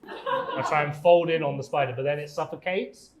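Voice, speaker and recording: A man playing a tired, crude talking shoe in an improv comedy scene, rambling and deadpan. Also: a little high, moderate pace, close to an everyday voice. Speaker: improv guest character. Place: live improv stage. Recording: echoey room, loud background noise.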